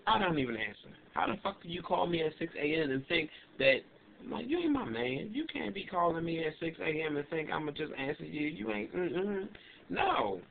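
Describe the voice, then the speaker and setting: A man's voice: a little high, fairly quick, creaky. Indignant young man ranting, tinny audio. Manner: animated, emphatic and indignant. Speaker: vlogger. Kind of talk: casual ranting storytelling. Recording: tinny lo-fi webcam audio with faint hiss.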